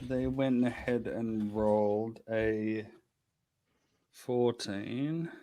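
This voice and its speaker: A man's voice: lowish voice, steady tone, extremely slow, mellow. A man acting as game master of a tabletop game, chatty and self-deprecating, often restarting his sentences.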